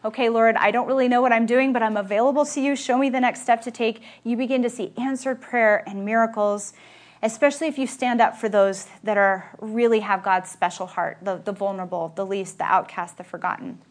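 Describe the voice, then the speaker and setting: An earnest woman delivers a sermon with a fairly high voice. She is emphatic and keeps asking her listeners direct questions. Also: steady tone, a little fast. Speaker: speaker at a Christian gathering.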